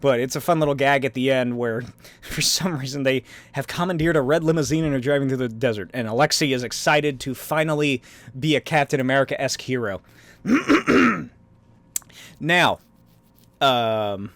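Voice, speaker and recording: A man's voice: medium pitch, a bit bright, dry recording. A man hosting a solo podcast, who talks in a rambling way with frequent chuckles and filler words. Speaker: podcast host. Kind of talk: casual solo podcast talk.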